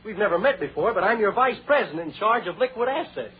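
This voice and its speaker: A man's voice: high-pitched, lively intonation, fast. Jokey comic who laughs at his gags. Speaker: comedian host. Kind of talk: 1930s radio comedy. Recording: tinny old radio broadcast, loud audience, hiss.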